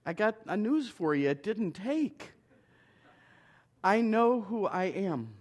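Male minister, high and unhurried, emphatic storyteller. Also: very animated. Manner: emphatic, heartfelt storytelling with punchy short phrases. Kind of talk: personal storytelling talk to an audience.

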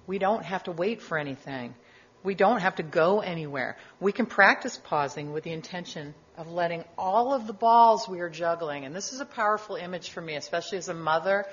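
A middle-aged woman giving a sermon as a guest speaker, gentle and reflective, with casual asides. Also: fairly low pitch, dull audio.

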